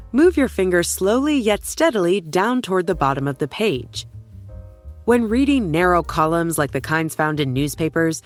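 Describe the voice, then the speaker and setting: Woman narrating instructions, lowish voice with lively intonation, clear and steady.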